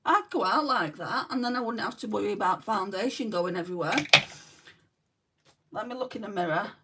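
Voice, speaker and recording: A woman with a New Zealand accent talks her way through a makeup livestream, greeting viewers by name and answering their comments in a relaxed, chatty way. Her voice sits in a middle pitch and comes across a little distant from the mic, as if she sits back from a phone or camera indoors at home. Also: a little fast, slight background noise. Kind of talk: casual chat reading live comments.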